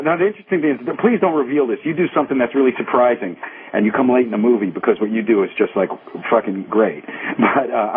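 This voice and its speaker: A man hosting a radio show who talks in a rambling, hesitant way with many fillers. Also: mid-range voice. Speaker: radio host. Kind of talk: casual radio chat. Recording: tinny phone-like radio audio with faint noise.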